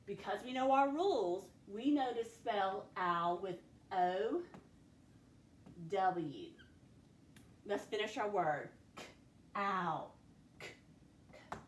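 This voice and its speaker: A woman teacher leading a phonics spelling lesson for children, sounding out each word patiently. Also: a little high. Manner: slow, patient, sounds words out. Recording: echoey room, faint background noise.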